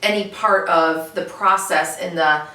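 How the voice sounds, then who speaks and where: A woman's voice: fairly low pitch, unhurried, bright, forceful tone. A woman hosting a casual show, encouraging her guest and asking follow-up questions. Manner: interviewer, encouraging, asks follow-ups. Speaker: host. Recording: roomy, distant mic, faint ambience.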